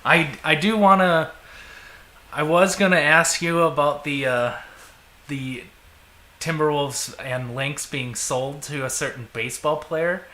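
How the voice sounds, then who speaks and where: This Minnesotan podcast co-host talks sports casually in an echoey room with faint background noise. His fairly high voice is bright and forceful, a little slow, and he's relaxed, jokey and quick to chuckle.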